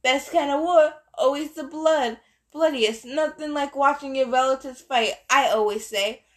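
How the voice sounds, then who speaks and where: A brash war god from an audiobook sneers and taunts, voiced by a woman. He talks with swagger, as if everything amuses him. The voice sits high in her range. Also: a little slow. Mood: taunting. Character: brash mocking adult male war god.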